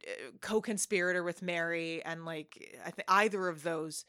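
A woman's voice: lowish voice, moderate pace, clear, resonant tone, no room sound. Chatty woman with a dry, close sound. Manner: chatty, animated, many fillers and asides. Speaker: podcast co-host. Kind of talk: casual chat.

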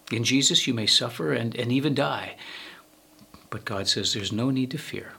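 A man preaching a sermon, earnest and measured, slowing down and dropping his voice at the ends of key phrases. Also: medium pitch, creaky, pushed and bright, slightly rough. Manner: earnest, measured preaching with slow emphatic phrase endings and frequent fillers.

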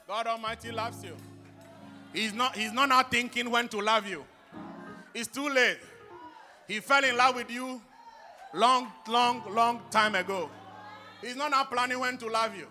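A man preaching a sermon and leading his congregation in call-and-response shouts. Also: very high-pitched, a little slow, pauses often, faint music behind, some chatter behind.

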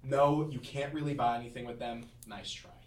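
A man's voice: mid-range voice, steady tone, brisk. A man co-hosting a podcast in casual chat, with stammering restarts and dry asides. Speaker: podcast co-host. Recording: roomy, distant mic with faint hiss.

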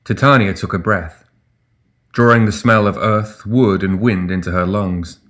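A man narrating a fantasy audiobook in a steady, measured way. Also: lowish voice.

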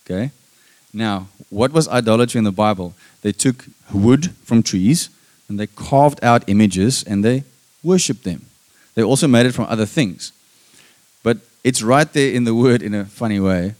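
A man preaching a sermon, emphatic and calling for amens, moving between loud stressed lines and soft hushed passages. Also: fairly low pitch, moderate pace. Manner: emphatic, calls for "Amen?" from the congregation.

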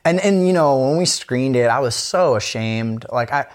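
A man's voice: mid-range voice, lively intonation, normal speed. A man co-hosting a podcast, talking candidly in a casual chat, rambling with many fillers and restarts. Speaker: podcast co-host.

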